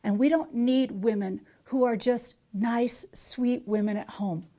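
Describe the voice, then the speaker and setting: Lively woman telling a sermon story. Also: a little high, measured pace. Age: middle-aged. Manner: animated, acts out voices in her stories. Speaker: Christian author and teacher.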